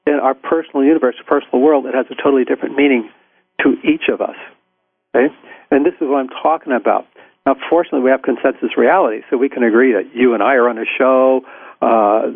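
A man's voice: mid-range voice, dry recording. Man telling stories over a tinny line. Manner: reflective storytelling, many restarts. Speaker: psychotherapist guest. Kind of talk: interview. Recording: tinny phone-line sound.

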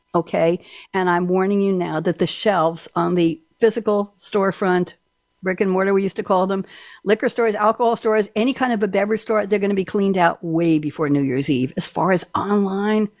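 A woman's voice: fairly low pitch, darkish tone. A woman with a New York accent hosting a radio talk show, chatting playfully with jokey, rambling asides.

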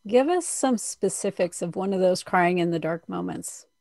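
A woman's voice: fairly low pitch, animated, normal speed, a little mellow. A woman hosting a casual conversation, asking questions and joking with her guest. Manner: supportive, asks questions, joking. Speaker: podcast host.

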